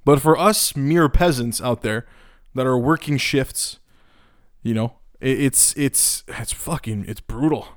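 A man's voice: medium pitch, unhurried, no echo, studio quality. A man hosting his own podcast, talking casually in a rambling, joking way with frequent swearing, fillers and restarts. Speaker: podcast host. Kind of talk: casual solo podcast monologue.

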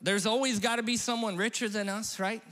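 Preaching briskly in a high, steady, slightly bright voice, a middle-aged male pastor keeps his sermon funny and conversational. He teases himself and talks back and forth with the congregation, his words echoing with the long reverb of a big hall.

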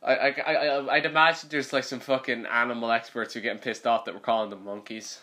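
A man's voice: mid-range voice, steady tone, quick pace, pushed and bright. A man co-hosting a casual movie-review podcast, ranting with sarcasm and plenty of swearing. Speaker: podcast co-host.

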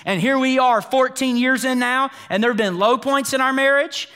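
A man in his thirties preaching a sermon as pastor, emphatic, swinging between loud urgent lines and hushed ones. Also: very high voice, moderate pace, smooth.

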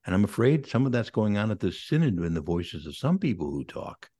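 A middle-aged Catholic priest talks through ideas about faith on a casual podcast, acting out imagined inner voices to explain them. His voice is lowish and dark, swinging widely in pitch, and he speaks a little fast.

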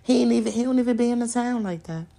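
A woman's voice: fairly high pitch, fast, gravelly, warm tone. A young adult woman hosting a solo podcast, ranting in a profane, confrontational way and repeating lines for emphasis. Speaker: podcast host.

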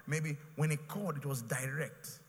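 A man's voice: on the high side, moderate pace, big-room sound. A man with a Nigerian accent preaching a sermon as a pastor, emphatic and repetitive, with pidgin phrases mixed in.

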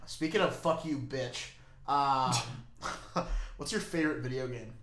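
A young man in casual chat, joking around, swearing and now and then shouting. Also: medium pitch, a little slow. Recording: echoey room.

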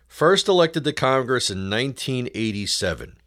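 A man hosting his own talk show, delivering political commentary in a sarcastic, needling tone. His voice sits fairly low, and he keeps turning to his listeners to call them folks. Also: big pitch swings, a little slow, a bit bright. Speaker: show host.

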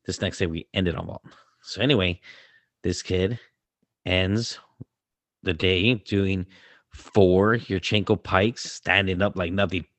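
Male podcast co-host, coach, animated storyteller, low voice, dry mic. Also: slow, long pauses, dry recording. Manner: animated storyteller, acts out quotes loudly. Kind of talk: casual storytelling chat.

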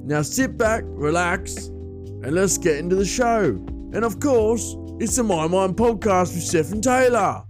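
A man voicing a chirpy old-timey male Cockney announcer, with a put-on Cockney accent and a showy, high-spirited delivery. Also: expressive, a little slow, music in the background.

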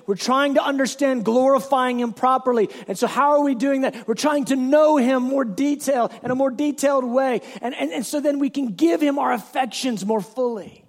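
Man pastor, very high voice, gravelly, animated sermon with shouts. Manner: animated storytelling with bursts of shouting.

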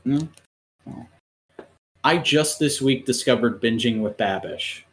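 A man in casual podcast chat, retelling a show in a rambling, profane, animated way with lots of restarts. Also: medium pitch, a little slow, slight background noise. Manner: many fillers and restarts.

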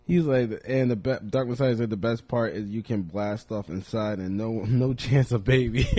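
A young man co-hosting a podcast, trading crude, profane jokes with frequent laughter and animated storytelling. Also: medium pitch, unhurried, breathy edge. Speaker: podcast co-host. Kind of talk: crude casual banter.

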